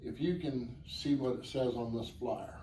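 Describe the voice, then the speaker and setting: An earnest, plainspoken man with a mellow, medium-pitched voice rambles through interview answers at a moderate pace as the organizer of a charity motorcycle ride. He sits far from the mic, so the audio is echoey and off-mic, with faint background noise.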